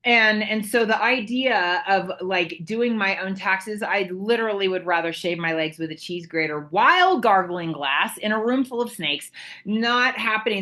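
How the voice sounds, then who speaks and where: Woman podcast host, bubbly and playful, talks over a call, chatty jokes, mid pitch. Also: normal speed, sharp tone. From California. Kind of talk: casual podcast chat.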